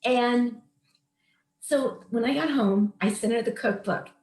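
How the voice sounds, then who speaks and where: A woman in her late fifties speaks as a wellness coach, earnest and emphatic as she shares an inspirational personal story. Her voice sits a little high. The recording carries a noticeable room echo. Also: slow, a little mellow. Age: 50s. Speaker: wellness coach leading a meditation session. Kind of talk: heartfelt storytelling and coaching talk.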